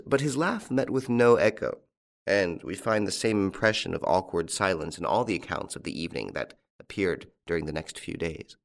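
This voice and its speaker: A man narrating a classic detective story in an audiobook, in a measured, unhurried storytelling manner. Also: on the low side. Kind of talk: scripted narration.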